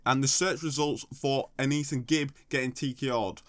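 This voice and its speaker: A man's voice: medium pitch, measured pace, few pauses, a bit bright, no room sound. Sarcastic man, dry sound. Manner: sarcastic, mocking. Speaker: YouTube commentator. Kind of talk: comedic commentary.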